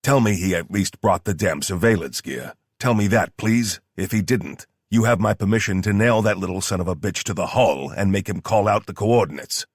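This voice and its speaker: Angry swearing boss guy on the phone, narrator voicing him, loud and fed up. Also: sits low, lively intonation, a little slow, slightly rough, no echo, studio quality, full character voice. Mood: exasperated. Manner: exasperated, loud, cursing. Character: hot-tempered swearing male commander on the phone.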